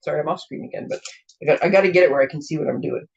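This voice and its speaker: Craft host, woman, slightly hoarse and throat-clearing, chatty and rambling, dull lo-fi sound. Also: low voice, rapid-fire, darkish tone. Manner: chatty, rambling, self-interrupting. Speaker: craft demonstrator and show host. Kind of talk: casual card-making demo. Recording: dull lo-fi recording.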